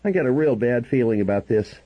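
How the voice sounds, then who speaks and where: A man's voice: mid-range voice, lively intonation, fairly quick, muffled recording, pitched above the performer's own voice, close to an everyday voice. A male reader voicing an anxious, desperate grown man who pleads for help in an urgent, strained way. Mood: pleading.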